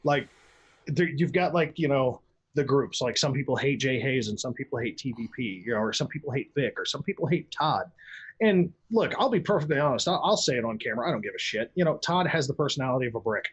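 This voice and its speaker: A man's voice: lively intonation, fast talker, husky. A man speaking as a guest on a casual podcast chat, blunt and foul-mouthed, rambling through stories and jumping into quoted voices. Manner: acts out quoted voices with big pitch jumps.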